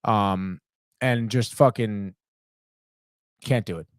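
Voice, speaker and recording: A man's voice: fairly low pitch, slow pace, smooth, dry recording, studio quality. Profane, rambling young man hosting sports. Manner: profane, rambling, heated, says "dude" often. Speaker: sports podcast host. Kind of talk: casual live sports chat.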